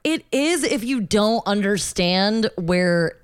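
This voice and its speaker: A woman co-hosting a casual chat, animated, laughing often and swearing casually. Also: medium pitch, slow pace, clear, resonant tone, no room sound, studio quality. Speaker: podcast co-host.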